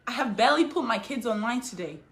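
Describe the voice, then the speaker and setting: A young woman from Africa vlogging straight to camera, her voice sitting a little high. She is indignant and hammers the same phrases again and again, swelling into defiant outbursts. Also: expressive, quick pace, creaky. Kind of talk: emotional direct-to-camera vlog.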